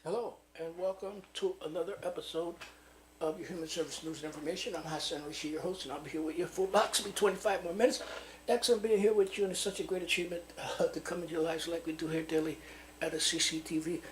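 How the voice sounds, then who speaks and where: A man's voice: fairly high pitch, fairly even intonation, fast talker, reverberant, a little hiss or hum, poor audio. A man hosting a local TV show, rambling, with many fillers. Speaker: host.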